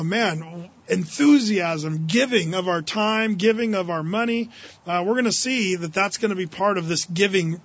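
A man's voice: high voice, a bit bright, muffled recording. A male pastor giving a humorous, anecdotal sermon at a Wednesday evening church service, chuckling often.

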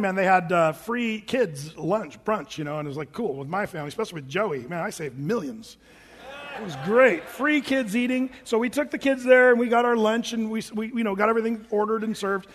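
A middle-aged man with a notably high voice preaches a sermon, spinning a personal story with animated asides and quick character voices. His words echo with a long reverb, as if spoken in a large hall. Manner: animated, acts out voices of family members. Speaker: pastor.

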